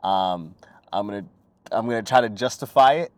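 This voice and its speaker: A young man hosting his own talk show, rambling and swearing as he riffs, breaking into quick impressions. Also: lowish voice. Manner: profane, rambling, animated impressions. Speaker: podcast host. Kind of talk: crude comedic monologue.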